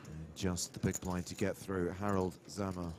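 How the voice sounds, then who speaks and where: A man's voice: sits low, steady tone, normal speed, noisy background. A man commentating a live poker stream, calling the cards and reading promotions. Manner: calls cards crisply and reads promotions smoothly.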